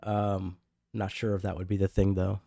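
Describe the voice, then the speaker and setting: Relaxed male podcast co-host, dry sound. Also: low-pitched, moderate pace, vocal fry, dry recording. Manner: relaxed, hesitant, joking. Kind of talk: casual podcast chat.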